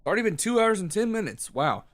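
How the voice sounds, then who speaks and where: A man's voice: sits high, big pitch swings, quick pace, a bit bright. A man streaming a game, rambling and correcting himself as he comments casually. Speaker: gaming streamer.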